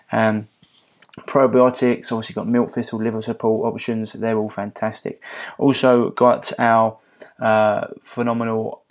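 Low, flat-voiced English man hosting. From England. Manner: rambling, many fillers and restarts. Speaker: podcast host. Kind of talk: casual podcast intro and promotion.

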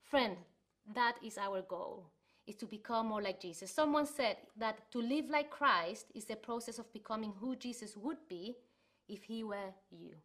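A woman's voice: a little high, moderate pace, a bit bright. Earnest woman from Chile giving a sermon. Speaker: church speaker. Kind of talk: sermon for an online congregation.

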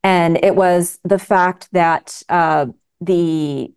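A woman's voice: on the low side, fairly even intonation, drawn-out words, a little mellow, clear, resonant tone. A middle-aged woman physician speaking as a guest in a casual interview, emphatic and passionate, often restarting her sentences.

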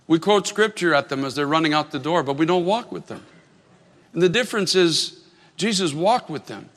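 A man's voice: on the high side, lively intonation, normal speed, fairly bright tone, in a large hall. A man preaching a sermon as pastor, telling stories earnestly and repeating phrases for emphasis.

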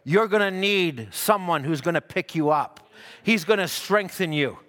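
High, bright-voiced preacher in a reverberant hall. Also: male voice, moderate pace. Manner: earnest, with frequent stammered restarts. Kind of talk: sermon.

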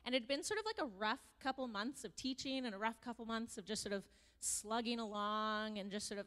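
A woman's voice: on the high side, quick pace. A woman who teaches worship dance, telling a story at a church sharing time and acting out the voices of the people in it. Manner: animated storytelling, acts out voices in quotes. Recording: long reverb of a large room.

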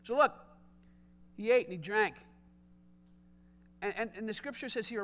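A man preaching a sermon, swinging between loud emphatic lines and hushed low asides, often asking the congregation direct questions. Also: moderate pace, pauses often. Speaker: pastor.

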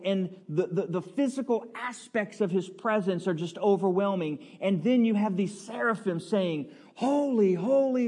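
A pastor preaching a sermon, leading the congregation in call and response with a playful, coaxing manner that builds into loud bursts. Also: male voice, high-pitched. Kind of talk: sermon with audience participation. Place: large church sanctuary. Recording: long hall reverb.

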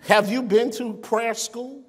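A man's voice: very high voice, steady tone, slow. A male pastor preaching a sermon to an online congregation, with a conversational style and frequent rhetorical questions. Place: church sanctuary. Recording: long reverb in a church sanctuary.

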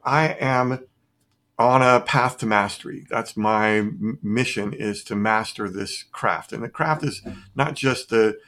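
A man's voice: on the low side, slow, fairly bright tone. A middle-aged man talking as a podcast guest, speaking expansively and enthusiastically in a philosophical, reflective way. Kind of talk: reflective conversation.

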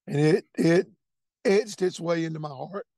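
A man's voice: on the high side, a little slow, mellow, no room sound. A middle-aged man, earnestly telling his faith testimony and repeating words as he goes. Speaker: testimony speaker. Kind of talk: personal testimony storytelling.

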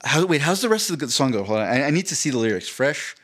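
A man co-hosting a podcast in casual chat, animated and profane, stumbling over his words and slipping into jokey accents. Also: mid-range voice, fast talker, slight background noise. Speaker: podcast co-host.

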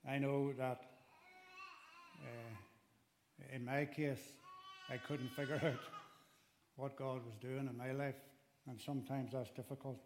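A man's voice: mid-range voice, level tone, slow pace, pauses often, noisy background. A man preaching a sermon, earnest and emphatic, speaking directly to his listeners and pressing harder on the pleas he quotes. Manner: direct address to listeners with restarts.

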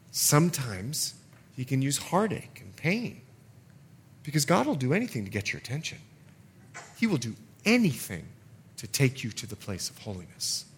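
A man preaching a sermon in an animated way, acting out little asides for the congregation. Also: medium pitch, slight background noise. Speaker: pastor.

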